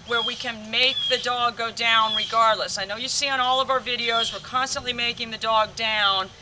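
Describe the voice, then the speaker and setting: A woman's voice: on the high side, recorded from a distance, very noisy. A woman dog trainer explaining steps plainly to viewers during an outdoor training demo. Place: outdoors on a rural training field.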